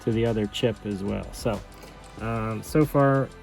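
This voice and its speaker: A man casually talking through a do-it-yourself car repair, relaxed and self-deprecating, with plenty of fillers. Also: lowish voice, measured pace, vocal fry, soft background music. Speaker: DIY vlogger. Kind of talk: casual how-to narration.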